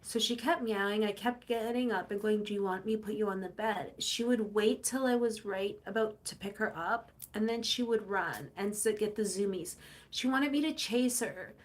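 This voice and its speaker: Speaking at a normal speed in a mid-range voice, a young woman hosts a casual stream, replying to comments and telling rambling stories full of animated, playful quoted voices.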